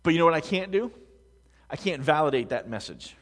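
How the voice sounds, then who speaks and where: Pastor guy preaching, kinda high voice, goes quiet then loud, long echoey hall. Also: expressive, brisk. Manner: dynamic, swings between hushed and loud emphasis; conversational, with restarts and rhetorical questions. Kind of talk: sermon. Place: large room with a congregation.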